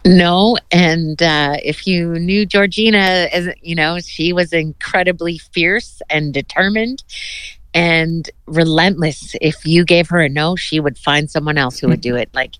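A woman, a politician speaking in a heartfelt, measured way in a remote news interview, often saying "you know". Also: fairly low pitch, fairly bright tone, clean tone.

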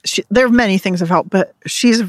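A woman's voice: mid-range voice, a little fast, no echo, clean studio sound. A woman chef talking casually in an interview, rambling with lots of fillers, recorded outdoors in her garden. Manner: chatty, rambling, many "like" fillers. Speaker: chef and cookbook author.

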